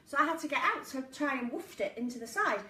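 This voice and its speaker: A woman's voice: high voice, animated, fast talker, bright, forceful tone. A woman hosting a casual live stream from her living room, chatty and giggly as she tells stories. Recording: echoey room, mic at a distance, faint noise.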